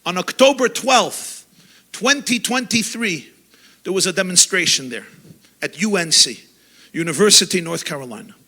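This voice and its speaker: A male rabbi preaches with fervor, his voice high and bright. He swings between loud, urgent outbursts and quiet, hushed passages as he speaks to a gathering. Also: expressive, moderate pace. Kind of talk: sermon. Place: lecture gathering.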